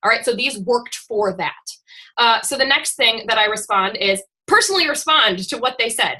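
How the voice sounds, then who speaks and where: A woman's voice: a little high, normal speed, bright, forceful tone, rough recording. A woman coaching her fitness team on a video call, talking in a blunt, chatty, irreverent way with some casual swearing.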